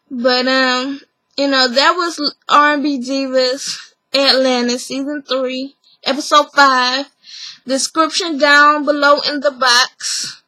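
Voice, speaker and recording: A woman's voice: high-pitched, sharp tone, no echo, rough recording. A woman recapping a reality show episode in a chatty, opinionated vlog, acting out the people she quotes. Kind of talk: casual recap review.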